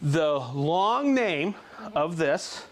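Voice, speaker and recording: Upbeat high-voiced man reading shout-outs. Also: sing-song, extremely slow. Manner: upbeat, jokey, reels off names and places. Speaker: livestream host. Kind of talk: live show chat, reading viewer shout-outs.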